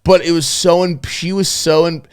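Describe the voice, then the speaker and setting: Profane, animated young man, dry close sound. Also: fairly high pitch, normal speed, smooth, no room sound. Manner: profane, animated storytelling with quoted voices. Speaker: podcast co-host. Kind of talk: casual chat.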